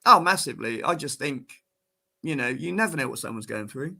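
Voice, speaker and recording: English bloke telling cricket stories, gravelly, opinionated. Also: male voice, medium pitch, animated, brisk, bright, forceful tone. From England. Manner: blunt, opinionated storyteller. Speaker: guest, disability cricketer. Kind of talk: casual interview chat.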